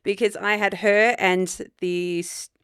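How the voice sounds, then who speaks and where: A woman co-hosting a casual chat podcast, telling frank, animated stories with laughter and swearing. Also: medium pitch, unhurried, clear, resonant tone, dry recording, studio quality. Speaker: podcast co-host.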